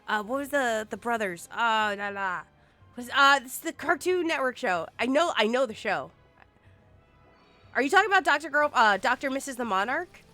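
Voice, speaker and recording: She speaks at a normal speed in a voice that's a little high, with faint music behind her. The clip is casual gaming-stream chatter, animated and playful, dotted with hums and sung snippets.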